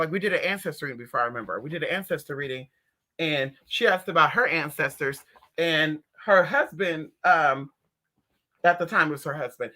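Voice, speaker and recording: A woman reader chatting casually to her viewers from home in a sassy, slangy, animated way. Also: sits low, brisk. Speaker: spiritual reader and streamer. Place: at home indoors.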